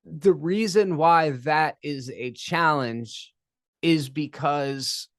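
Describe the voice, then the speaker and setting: Male co-host, analytical and measured, smooth clear voice, dry close mic. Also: on the high side, a bit bright, no room sound. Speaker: podcast co-host. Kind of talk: casual podcast chat.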